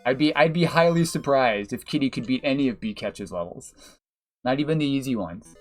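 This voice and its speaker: हँसमुख पुरुष गेम स्ट्रीमर, बीच-बीच में गाली और हँसी, दर्शकों का शुक्रिया करता हुआ, पीछे धीमा गेम संगीत।. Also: male voice, medium pitch, animated, a little fast, a little mellow, soft background music. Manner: chatty, swears, laughs often, thanks viewers. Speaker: streamer. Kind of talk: live gameplay commentary.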